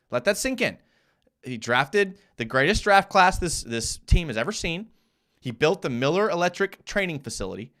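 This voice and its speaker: Animated, fired-up young man hosting a fan show. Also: fairly high pitch. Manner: animated, fired-up ranting with many restarts. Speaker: live show host. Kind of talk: casual fan commentary over game film.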